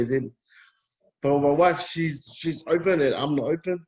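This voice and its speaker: A Polynesian man talking candidly as a guest, in a hesitant, halting, soft-spoken way. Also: on the high side. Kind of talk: candid personal conversation.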